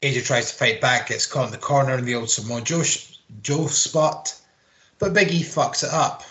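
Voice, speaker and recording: A man's voice: mid-range voice, normal speed, a bit bright. A man, co-hosting a podcast and recapping wrestling in a rambling, sweary, casual chat. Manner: rambling, sweary play-by-play with filler words. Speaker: podcast co-host.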